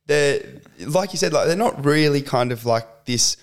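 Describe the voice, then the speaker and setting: Young Australian male guest, relaxed and chatty, heavy on slang and fillers. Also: on the high side, normal speed, clean tone. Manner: laid-back, lots of fillers and slang. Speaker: podcast guest. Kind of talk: casual chat.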